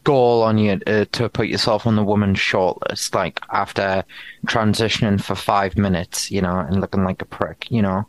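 A man's voice: on the low side, fairly even intonation, moderate pace, rough recording. A man in casual podcast chat, blunt and ranting, swearing freely.

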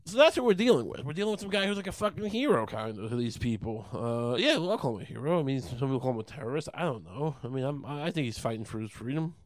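A young man talks in a loose, rambling way, full of swearing and sarcasm. He restarts his sentences again and again. His voice has a middling pitch and sounds dry and close to the mic. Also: expressive, quick pace, hardly any pauses, no room sound. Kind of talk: casual profane retelling.

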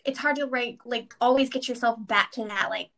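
Bright-voiced chatty woman. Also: a little high. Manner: chatty, halting, many fillers. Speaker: podcast co-host. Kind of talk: casual chat.

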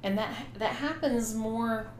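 A woman with a higher, lively voice talks unhurriedly, playful and agreeable and quick to laugh. The sound is roomy with a faint hum behind it. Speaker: podcast co-host. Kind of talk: casual chat.

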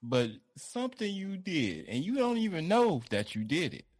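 A man's voice: high-pitched, big pitch swings, moderate pace, a little mellow, slightly rough, faint music behind. A man co-hosting a podcast, teasing and profane in casual banter. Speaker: podcast co-host.

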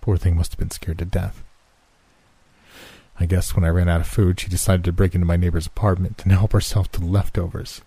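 A man narrating a first-person scary story in a slow, measured, suspenseful reading. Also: low voice, level tone, dark tone, husky, dry recording.

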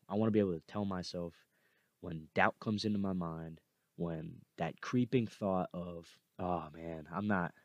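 Earnest young man, low dry voice. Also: no echo. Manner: earnest, repetitive, fired up. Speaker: podcast host. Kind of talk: motivational podcast monologue.

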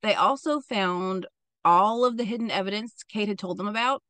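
A woman's voice: medium pitch, moderate pace, fairly bright tone, dry recording. Young female podcast host, casual true-crime storyteller, swears freely, dry close-up sound. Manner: chatty and profane, with frequent "like" fillers.

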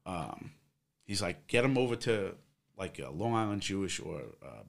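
A middle-aged man with a fairly low voice tells a long personal story in a podcast-style conversation. He rambles, leans on fillers, and acts out the other people's lines as he goes. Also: sing-song, normal speed, creaky. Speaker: guest, former police officer.

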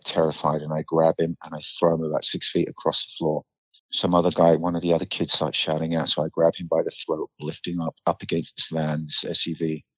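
With a rumbling low, slightly bright voice, a middle-aged British man tells a blunt, colorful story as a podcast guest, swearing without restraint. The recording is dry and slightly dull.

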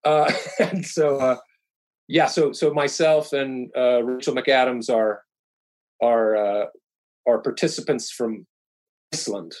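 A man's voice: medium pitch, fairly even intonation, slow pace, pauses often, darkish tone, poor audio. A middle-aged man, a podcast guest, telling stories in casual chat and rambling through restarts and fillers.

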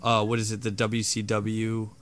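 A man's voice: fairly low pitch, monotone, moderate pace, a bit bright. A man co-hosting a podcast in casual chat, rambling with lots of fillers. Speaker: podcast co-host.

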